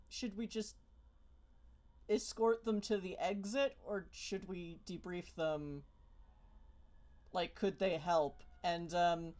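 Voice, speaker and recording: A woman narrating as game master of a tabletop role-playing game, rambling with many fillers and restarts. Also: medium pitch.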